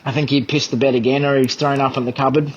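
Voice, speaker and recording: A man's voice: mid-range voice, flat delivery, fast, slightly rough, highs cut off. A young Australian man telling a fishing charter story as a podcast guest, blunt, profane and often laughing. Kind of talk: casual anecdote telling.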